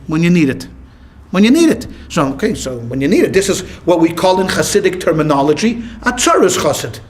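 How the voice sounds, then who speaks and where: A man's voice: a little high, brisk. A man teaching a class as a rabbi, asking the room questions, answering them himself and telling short stories with quoted lines. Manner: lively, asks questions and answers them himself, tells anecdotes with voiced quotes. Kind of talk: classroom lecture with questions to the audience.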